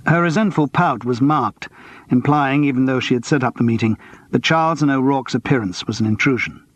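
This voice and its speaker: Man reading a cozy mystery audiobook, measured and even, mid pitch. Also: no echo. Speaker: audiobook narrator. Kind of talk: scripted audiobook narration.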